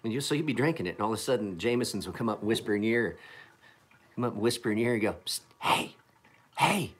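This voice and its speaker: A man's voice: on the low side, rapid-fire, breathy edge. A man in his forties from Appalachian Pennsylvania, chatting casually on a live stream in a rambling, profane and joking way. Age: 40s. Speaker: knife-sharpening streamer.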